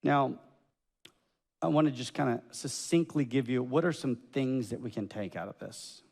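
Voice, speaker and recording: A man preaching a sermon as pastor, telling the story in a lively way and acting out the voices of its people. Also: mid-range voice, moderate pace, gravelly, long reverb tail. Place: church sanctuary.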